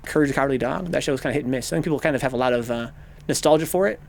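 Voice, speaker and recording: A man streaming a video game, talking casually with animated, profane, rambling rants. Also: medium pitch, very fast, gravelly. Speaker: gaming streamer. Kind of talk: casual let's-play commentary.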